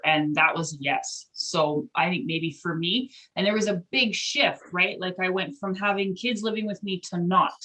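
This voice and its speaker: A woman's voice: fairly low pitch, fairly bright tone, low-quality recording. A middle-aged woman student on a video call, sharing her experience in a reflective, chatty way.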